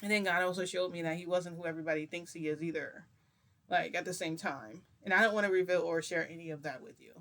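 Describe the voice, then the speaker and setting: A woman's voice: fairly low pitch, fast, a bit bright. A woman vlogger telling a story in a rambling, giggly, confessional way, with many fillers. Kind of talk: casual storytime vlog.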